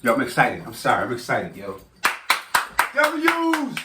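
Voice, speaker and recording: A man chatting casually to his viewers while he cooks in a home kitchen, excitable and talking straight to the camera. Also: on the low side, fast, heavy background noise. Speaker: cooking vlogger. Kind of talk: casual cooking vlog.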